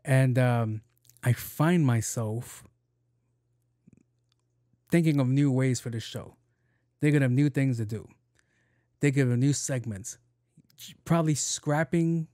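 A man's voice: mid-range voice, measured pace, pauses often, warm tone, dry recording, clean studio sound. A young adult man hosting his own podcast, ranting casually and profanely with bursts of laughter. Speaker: podcast host. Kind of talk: casual solo podcast rant.

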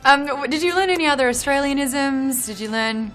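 A woman's voice: high voice, lively intonation, a little fast, music in the background. Upbeat, teasing female interviewer. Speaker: host interviewer. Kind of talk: casual entertainment interview.

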